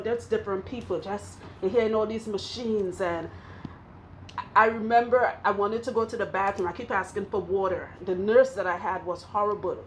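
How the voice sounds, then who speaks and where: Trini woman vlogging her story, candid, rambly, faint hiss behind. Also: mid-range voice. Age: 20s at surgery, now older. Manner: candid, rambling, restarts often. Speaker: hairstylist and vlogger. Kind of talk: emotional personal testimony.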